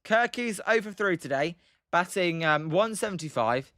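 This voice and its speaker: Bright-voiced British stream commentator. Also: male voice, animated, moderate pace, dry recording, studio quality. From Britain. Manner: chatty, answers viewers' chat messages between pitches, many fillers. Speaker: live stream play-by-play host. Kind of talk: casual live play-by-play commentary.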